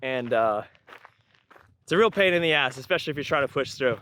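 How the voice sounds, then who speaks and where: A man's voice: mid-range voice, expressive, fairly quick, fairly bright tone. A young man vlogging casually outdoors on a windy day, rambling with lots of ums and uhs and correcting himself. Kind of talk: casual vlog talk to camera. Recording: faint wind noise outdoors.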